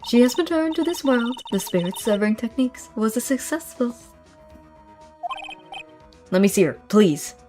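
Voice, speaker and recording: A woman's voice: fairly high pitch, lively intonation, moderate pace, long pauses, dark tone, faint music behind, voice pushed up, lightly acted. A woman putting on a solemn older temple matron.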